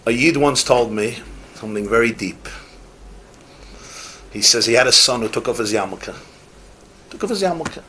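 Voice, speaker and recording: A man's voice: medium pitch, expressive, moderate pace, pauses often, sharp tone, a little hiss or hum. A rabbi giving a Torah class, emphatic and repeating his key phrases, with Yiddish and Hebrew words mixed in.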